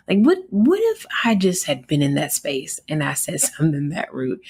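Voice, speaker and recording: A woman's voice: sits low, normal speed, creaky, slightly rough. A young woman with a Southern American accent telling a story in a casual, indignant podcast monologue, full of fillers. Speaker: podcast host.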